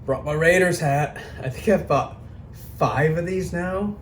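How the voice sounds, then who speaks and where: A man's voice: fairly high pitch, measured pace. A man vlogging casually from a hotel room, rambling and musing aloud, easily amazed by the view. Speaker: travel vlogger. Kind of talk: casual chat to camera. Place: hotel room by an open window. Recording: faint city noise behind.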